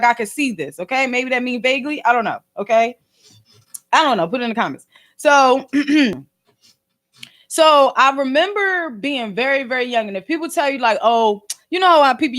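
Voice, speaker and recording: A woman in her thirties with a Philadelphia accent, casually telling a story straight to her viewers in animated, slangy talk. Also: on the high side. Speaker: podcast and video host.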